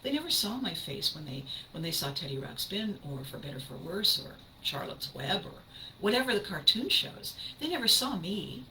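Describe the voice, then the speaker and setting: A woman's voice: medium pitch, sing-song, moderate pace, pushed and bright, a little hiss or hum, poor audio. An older woman, a voice actress hosting her podcast, telling stories in an enthusiastic, emphatic casual monologue.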